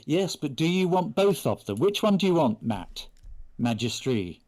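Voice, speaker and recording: A man's voice: on the high side, sing-song, moderate pace, darkish tone. A man from England chatting casually and playfully on a live stream while he signs prints for fans. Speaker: actor signing prints for fans.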